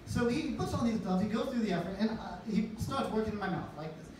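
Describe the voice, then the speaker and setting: A man's voice: high-pitched, lively intonation, fast, a little mellow. A young man doing a stand-up comedy set, with a hesitant, awkward delivery full of restarts. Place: comedy venue. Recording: echoey venue from far off, noisy.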